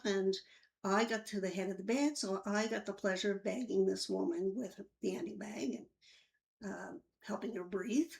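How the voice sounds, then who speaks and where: A woman's voice: medium pitch, vocal fry. A woman, a former intensive care nurse, telling a personal story and acting out the dialogue in it. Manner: animated retelling with acted dialogue.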